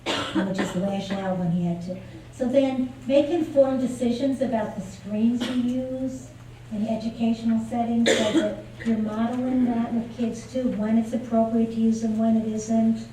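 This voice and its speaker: A woman's voice: a little high, steady tone, normal speed, mellow. A woman giving a conference lecture, telling classroom stories conversationally with frequent fillers. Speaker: keynote speaker on early childhood play. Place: large lecture venue. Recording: echoey hall from far off, faint noise.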